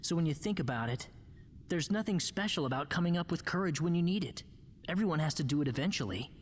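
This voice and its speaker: An actress voicing a plainspoken young hero in a game who gives steady, matter-of-fact encouragement. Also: female voice, deep voice, quick pace, slightly rough. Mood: reassuring. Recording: reverberant game audio with faint noise.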